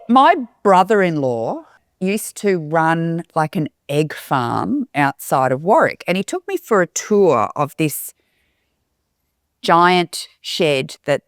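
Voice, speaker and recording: A woman's voice: on the low side, no echo, clean studio sound. A woman hosting a podcast, telling long rambling stories with many restarts in casual chat. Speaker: podcast host.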